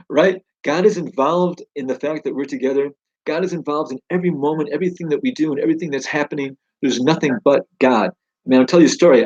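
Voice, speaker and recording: A man's voice: mid-range voice, a little mellow, husky, highs cut off. A man giving an informal, enthusiastic Torah teaching in a conversational way. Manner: enthusiastic, conversational, exclaims wow. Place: home study.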